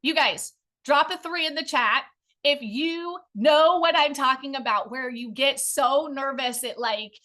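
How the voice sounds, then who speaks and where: A middle-aged woman giving a lively online workshop on public speaking, talking energetically and addressing her audience as "you guys". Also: high voice, measured pace. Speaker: speaking coach. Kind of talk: live online workshop talk.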